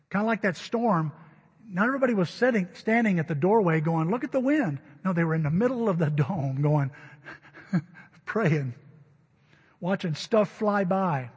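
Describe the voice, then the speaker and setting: In a sanctuary full of long, trailing reverb, a male pastor preaches his sermon, his husky, fairly high voice rising to loud stresses on key words. The recording itself sounds dull.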